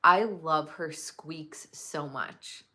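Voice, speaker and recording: Bright-voiced woman rambling on a livestream. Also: sits low, very slow. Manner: rambling and opinionated, full of "like" fillers. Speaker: livestream host. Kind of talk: casual chat.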